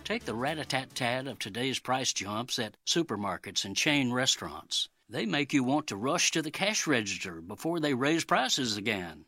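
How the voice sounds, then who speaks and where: A man's voice: mid-range voice, sing-song, moderate pace, hardly any pauses, sharp tone, dry recording, studio quality, faint music behind. A man reading a scripted radio commentary in a folksy, sarcastic editorial style.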